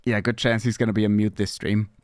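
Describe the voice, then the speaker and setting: A young man streaming live, chatting with viewers while fighting broken software, scattered and exasperated, cursing and leaping from mumbles to high squeaky outbursts. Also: little pitch movement, quick pace, clean tone, no echo, clean studio sound. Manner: scattered and exasperated, swearing at tech trouble. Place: home streaming setup.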